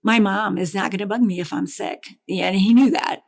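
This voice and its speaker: A middle-aged woman telling a painful personal story as an interview guest, halting and grief-laden, often restarting her sentences. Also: mid-range voice, vocal fry. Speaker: interview guest, bereaved mother.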